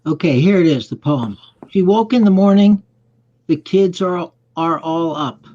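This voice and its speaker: A man's voice: fairly high pitch, animated, unhurried, warm tone. A man hosting a casual online group chat who reads a short poem of his own aloud. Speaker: live chat host. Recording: dull lo-fi call audio.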